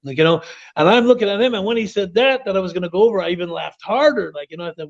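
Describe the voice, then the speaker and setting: A man tells a story as an interview guest, in a fairly high voice. He is animated and often stumbles over repeated words. The audio sounds dull and lo-fi. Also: very fast. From Quebec, Canada. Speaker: interview guest, former wrestler.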